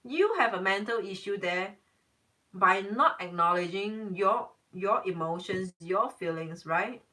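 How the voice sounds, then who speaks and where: A woman's voice: mid-range voice, unhurried, sharp tone, recorded from a distance, rough recording. A young woman, a tarot reader, chatting casually on a live stream, emphatic and repeating herself.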